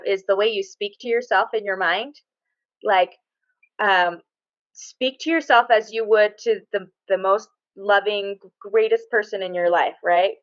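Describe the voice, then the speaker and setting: Woman chatting in a book club, lots of ums and restarts, kinda high voice, dull muffled sound. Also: fairly bright tone, dry recording. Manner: chatty, many fillers and restarts. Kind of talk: casual group discussion.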